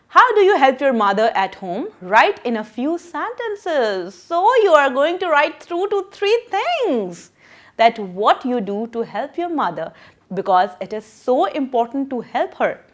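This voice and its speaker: A woman teacher explaining a lesson to children, patient and repeating her questions. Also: fairly high pitch.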